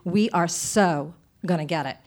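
A woman telling a funny personal story live on stage before an audience, lively and animated, with lots of "like" fillers. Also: lowish voice, measured pace. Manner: lively, comic, animated, frequent "like".

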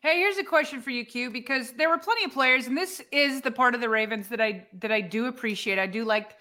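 A woman's voice: on the high side, fairly quick, sharp tone. A woman co-hosting a sports podcast, chatting casually and building up her questions to a guest. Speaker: podcast co-host.

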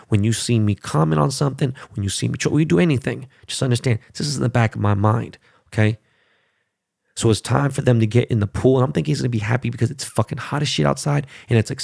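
Gravelly-voiced father ranting heatedly. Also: mid-range voice, darkish tone, no echo, studio quality. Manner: heated, swears, repeats himself. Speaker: father telling a story. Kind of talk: casual monologue to viewers.

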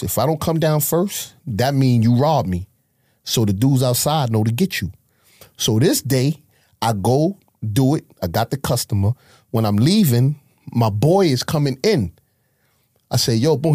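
Recorded with studio clarity and no room sound, a middle-aged man from Harlem, New York casually recounts his life story in an interview at a moderate pace. He's an animated street storyteller, acting out the voices he quotes with big jumps in pitch.

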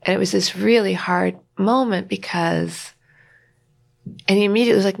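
A woman's voice: mid-range voice, moderate pace, gravelly. A woman sharing a personal family story as a podcast guest, emotional, acting out the voices of the people she quotes. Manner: emotional, acts out quoted dialogue.

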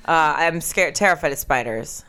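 Woman podcast co-host, low voice, casual and profane. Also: expressive, moderate pace, fairly bright tone, clear, resonant tone. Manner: casual, swears freely, reads listener questions.

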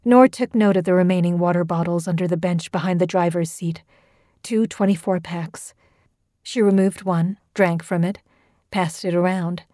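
Horror narrator: woman, steady and measured, mellow dark tone, dry close mic. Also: on the low side, dry recording. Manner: measured, steady storytelling delivery. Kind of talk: scripted horror story narration.

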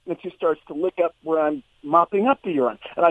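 Male therapist guest calling in by phone, slightly higher voice, animated storyteller, dry thin sound. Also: brisk, no room sound. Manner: animated storyteller, voice rises for quoted lines. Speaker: psychotherapist guest. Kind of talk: anecdotal storytelling. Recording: tinny phone line.

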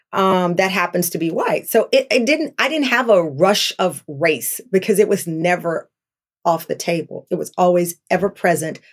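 A woman in her fifties, a talk show host being interviewed, speaking candidly and animatedly, acting out past exchanges in a raised voice. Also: lowish voice.

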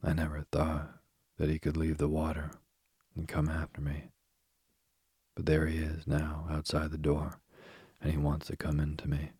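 A man's voice: very deep voice, monotone, moderate pace, dark tone, husky, no room sound, studio quality, heavily acted. A reluctant young princess, as a man puts her on. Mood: uneasy.

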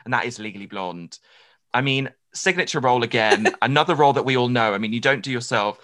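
A man's voice: mid-range voice, fast talker, a bit bright. A man hosting a podcast interview, chatting casually and gushing with praise for his guest. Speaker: podcast host.

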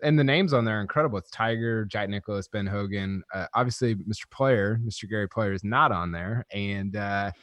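Golf writer guy, lowish voice, wry and chatty, stumbles into sentences, dry sound. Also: a little fast, hardly any pauses, fairly bright tone, no echo. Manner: stammering starts, wry and chatty. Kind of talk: casual podcast chat.

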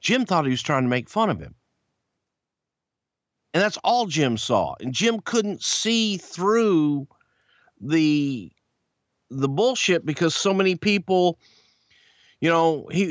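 Blunt, lively Southern man, lo-fi sound. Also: on the high side, slow pace, long pauses, no echo. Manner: blunt, profane, animated, puts on excited voices. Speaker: podcast co-host. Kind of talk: casual storytelling chat.

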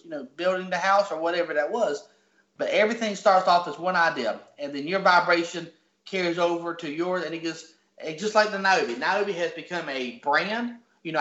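A man's voice: fairly high pitch, a bit bright. A man with a Georgia Southern accent, a guest speaking in a folksy, motivational way on a podcast interview. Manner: folksy, motivational, restarts sentences. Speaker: guest, app founder. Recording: echoey, dull lo-fi audio.

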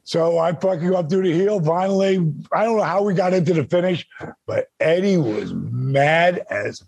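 Gravelly guy spinning a profane story, rough husky voice, fired up. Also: high-pitched, moderate pace, dry recording. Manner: excitable, swears a lot, stammers on restarts. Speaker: podcast guest, former wrestler.

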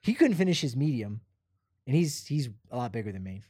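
A man's voice: mid-range voice, a little fast, no room sound, clean studio sound. Laid-back man chatting sports. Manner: relaxed, rambling, many fillers. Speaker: podcast co-host. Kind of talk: casual sports chat.

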